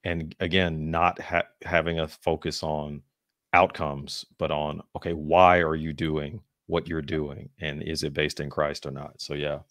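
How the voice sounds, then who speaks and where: A man with a very deep voice hosting a podcast interview. He chats casually, often thinking aloud as he frames his questions. The recording is close and dry. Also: level tone, unhurried, fairly bright tone, no room sound. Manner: thinks aloud, explaining ideas in engineering terms; laughs easily, gives short affirmations. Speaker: podcast host.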